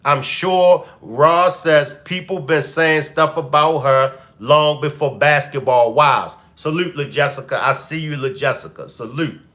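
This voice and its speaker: Man doing a live stream commentary, aave, bright voice, slow and drawn out, keeps repeating himself at the chat. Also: a little high. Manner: animated, repeats questions to the chat. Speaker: commentary show host.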